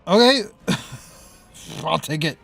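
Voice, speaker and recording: A man's voice: on the high side, lively intonation, extremely slow, vocal fry, a bit bright. A man from the US Midwest streaming a game, chatting casually as he plays, rambling and breaking off mid-thought with frequent laughs. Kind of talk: casual live-stream commentary.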